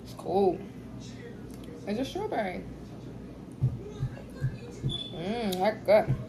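A woman's voice: mid-range voice, expressive, drawn-out words, noisy background. A young woman chatting casually to her viewers while eating, telling a story with laughs. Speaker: vlogger, mother.

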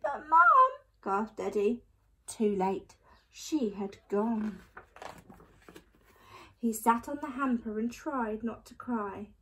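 Teacher lady reading a kids book, slow and very expressive, high voice. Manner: expressive, animated storytelling. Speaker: primary school teacher. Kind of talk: reading a picture book aloud to children.

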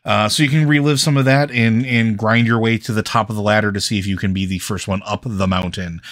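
Low-voiced man rambling through gaming news. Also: fairly even intonation, fairly quick, a bit bright, dry recording. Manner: rambling, many fillers and restarts. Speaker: podcast co-host. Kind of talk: casual podcast chat.

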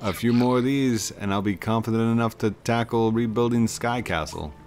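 A man's voice: medium pitch, normal speed, music in the background, close to an everyday voice. A man voicing a brash male puzzle-building game character with a put-on Boston accent and streetwise banter. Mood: cocky.

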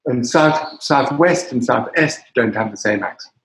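A man's voice: mid-range voice, a little slow, fairly bright tone. An older man from Britain, a wine bar owner, chatting as an interview guest, often restarting his sentences. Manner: hesitant, many restarts and fillers. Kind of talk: casual interview. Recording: roomy echo.

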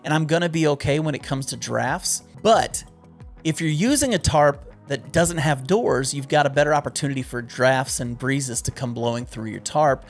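A man hosting a backpacking vlog, earnestly explaining how to keep warm when hammock camping. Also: mid-range voice, normal speed, gravelly, soft background music. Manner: earnest and instructive, stumbles and jokes in bloopers. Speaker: backpacking YouTuber. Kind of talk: outdoor gear how-to vlog.

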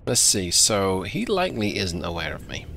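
Brief: man hosting a gameplay video, chatty and wry, bright gravelly tone, lively delivery. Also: low-pitched, normal speed, slight background noise. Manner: chatty, self-deprecating, thinks aloud. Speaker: game video host. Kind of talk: casual gameplay commentary.

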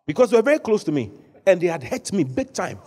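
A man preaching a sermon to a congregation in a large church hall, animated, at times shouting. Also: high voice, quick pace, slightly rough. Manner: animated preaching, rising to shouts when acting out the story. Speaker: bishop preaching.

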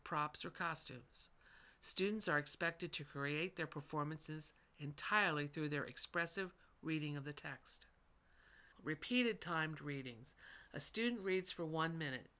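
A narrator reading a scripted professional training module in a steady, instructional manner. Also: mid-range voice. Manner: steady, instructional read-aloud delivery. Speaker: teacher trainer.

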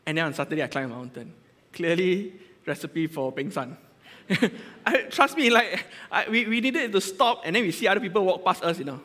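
Malaysian English male lay preacher, chatty and self-interrupting, slightly raised pitch, recorded with reverb in a church hall. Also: sharp tone. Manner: chatty, joking, full of restarts. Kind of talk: casual conversational sermon.

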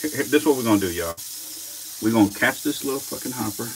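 A man casually commenting while filming, excitable and slangy, swearing often and talking both to his animals and to viewers. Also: mid-range voice, fast talker, background noise. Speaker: reptile keeper vlogger.

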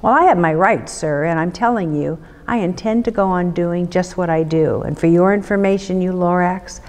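A woman's voice: on the low side, moderate pace, darkish tone, big-room sound, lightly acted. A woman reading a storybook aloud, voicing a greedy, defiant male factory owner who insists on growing bigger.

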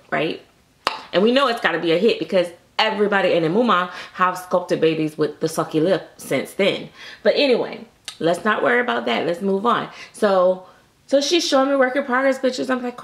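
Lady vlogging about her dolls, chatty and lively, bit of fry in her voice. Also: mid-range voice, brisk. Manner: chatty, animated, acts out quotes. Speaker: doll collector vlogger. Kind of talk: casual chat to camera.

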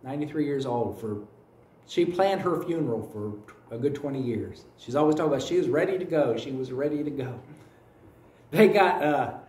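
A man's voice: mid-range voice, lively intonation, moderate pace, darkish tone. A man with a Kentucky accent preaching a sermon as pastor of a church, telling folksy stories with repeated phrases. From United States. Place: church sanctuary. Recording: echoey room, voice from a distance.

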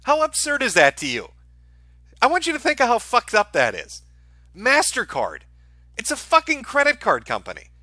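A man's voice: very high voice, wildly swooping pitch, normal speed, bright, forceful tone, dry recording. A man hosting a live stream, ranting in a profane, heated way. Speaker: streamer host.

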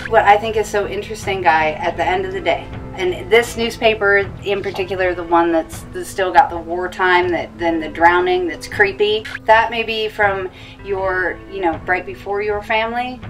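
A woman's voice: medium pitch, moderate pace, far from the mic, soft background music, rough recording. A woman explaining what she finds in the soil and objects to the homeowner, in a documentary conversation.

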